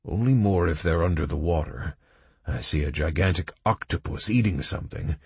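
A man voicing a hoarse, blunt male dwarf scout in an audiobook. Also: deep voice, moderate pace, darkish tone, dry recording, full character voice. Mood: wary.

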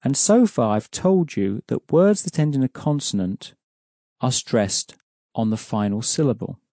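Mellow-voiced male language teacher. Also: medium pitch, very animated, unhurried, no room sound, clean studio sound. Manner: patient, clear explaining. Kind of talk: explaining an audio course lesson.

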